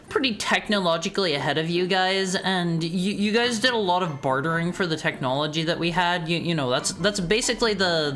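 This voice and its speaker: A woman streamer chatting with her viewers, her voice sitting a little low but swinging up and down in a very lively way. She rambles playfully, tripping over words and restarting lines as she goes. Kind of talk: casual live-stream chat.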